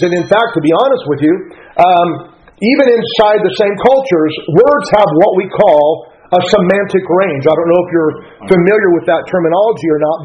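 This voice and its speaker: A high, somewhat mellow male voice belongs to a middle-aged pastor sharing his personal story on a radio broadcast. His delivery is folksy and sincere, and he keeps correcting himself. The audio sounds dull.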